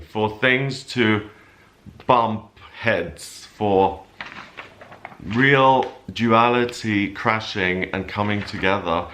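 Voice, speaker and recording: A man talking through the week's astrology as a horoscope reader, explaining calmly with loose, rambling asides. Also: on the low side, takes it slowly, a little hiss or hum. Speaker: astrologer giving a weekly horoscope. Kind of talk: casual spoken forecast.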